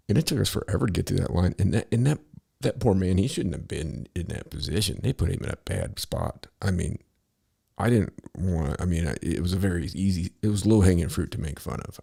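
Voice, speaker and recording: A middle-aged man tells a long story in a loose, profane monologue. His voice is deep and dark with a husky, gravelly texture, and he keeps stopping to restart his sentences. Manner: rambling, profane, with many restarts. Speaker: podcast host.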